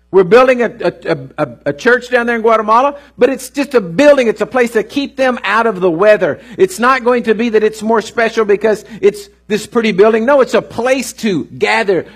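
A man delivering a church sermon in a high, husky voice. He preaches earnestly, repeating phrases and tossing out "hello?" to the congregation. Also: fairly bright tone. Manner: call-and-response preaching with "hello?" asides; earnest, repeats words for emphasis. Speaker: pastor. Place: church service.

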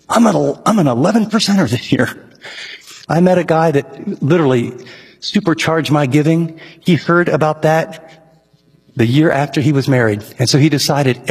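Husky pastor preaching in an echoey hall. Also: male voice, a little high, normal speed. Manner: earnest, emphatic, with rising exhortations. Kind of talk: sermon.

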